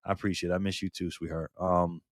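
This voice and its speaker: A man's voice: deep voice, level tone, fast, no room sound, studio quality. A man hosting a casual live stream, greeting viewers by name and reading chat aloud in a friendly, chatty way while recovering from illness.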